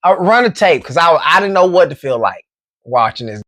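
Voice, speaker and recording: A man's voice: fairly high pitch, sing-song, moderate pace, a bit bright, dry recording. A man hosting a casual football commentary show, laid-back and joking. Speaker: sports commentary host.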